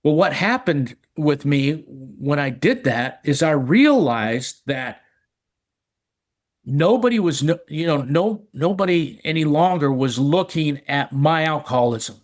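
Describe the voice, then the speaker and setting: In casual talk, a middle-aged man on a recovery podcast tells his own recovery story, his fairly high voice animated but measured in pace. Earnest throughout, he keeps repeating words and starting sentences again.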